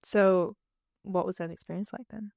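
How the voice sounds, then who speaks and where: A woman hosting a casual interview, asking curious questions with quick laughs. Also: mid-range voice, fairly even intonation, vocal fry, darkish tone, dry recording, studio quality. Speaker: host.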